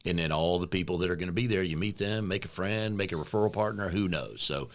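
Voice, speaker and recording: Man, very low pitch, middle-aged, podcast co-host, chatty, joking. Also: fast. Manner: joking, chatty, relaxed banter. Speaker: podcast co-host, business coach. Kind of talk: casual podcast chat.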